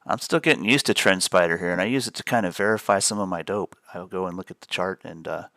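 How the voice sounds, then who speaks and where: Gravelly low-voiced man. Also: quick pace, fairly bright tone, no echo, clean studio sound. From United States. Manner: chatty, thinks aloud over charts. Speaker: day trading stream host. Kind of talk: casual live-stream commentary.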